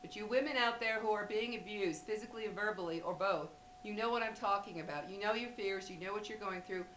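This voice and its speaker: A woman's voice: mid-range voice, quick pace, a bit bright, echoey room, a little hiss or hum, poor audio. A woman vlogger talking straight to camera, blunt and emphatic, speaking directly to women viewers. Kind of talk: direct-to-camera advice talk.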